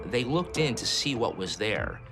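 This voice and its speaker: A man's voice: medium pitch, big pitch swings, a little slow. A man, a local journalist, recounting events in a matter-of-fact, storytelling way during a documentary interview. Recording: music bed under the voice.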